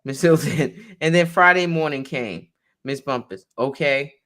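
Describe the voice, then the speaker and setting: A woman's voice: sits low, a little slow, a bit bright. A woman attorney reading a court transcript aloud in a conversation, naming each speaker as she goes.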